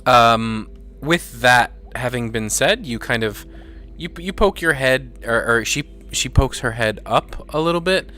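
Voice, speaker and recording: A man's voice: medium pitch, expressive, a little slow, sharp tone. A man running a tabletop game as game master, narrating in a rambling way, full of fillers and laughs.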